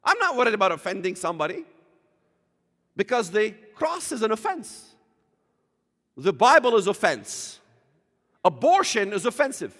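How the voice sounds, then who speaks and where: Guy preaching fiery in a church, high voice jumping all over, lots of hall echo. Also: huge pitch swings, moderate pace, long pauses. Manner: emphatic, combative, rising to shouts. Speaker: guest speaker in church.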